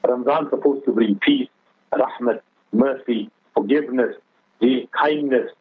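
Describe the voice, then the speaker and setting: Man, husky voice, earnest religious exhortation, heard through a tinny phone line. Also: medium pitch, normal speed, no room sound. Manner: earnest, exhorting, addresses the other speaker as Maulana; tells a moral story with quoted dialogue. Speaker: Islamic speaker on a radio talk show. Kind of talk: religious radio talk.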